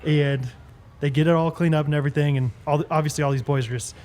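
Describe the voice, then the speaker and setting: A young man co-hosting a podcast in casual chat, laughing often and telling animated stories. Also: fairly high pitch, fast. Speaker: podcast co-host.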